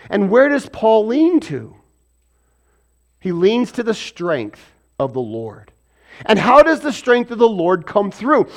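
A man preaching a sermon, asking and answering his own rhetorical questions and acting out voices from the stories he tells. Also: high-pitched. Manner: acts out biblical and everyday voices.

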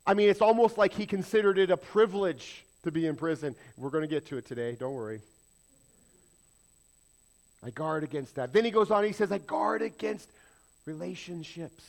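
Man, high voice, pastor preaching a sermon, emphatic rhetorical questions. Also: animated, brisk.

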